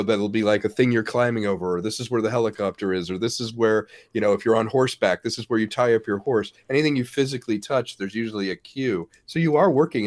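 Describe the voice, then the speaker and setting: A middle-aged man, a guest actor, telling lively stories in a casual interview and acting out the lines he quotes. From Wisconsin. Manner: animated storyteller, acts out quotes with big pitch swings and laughs.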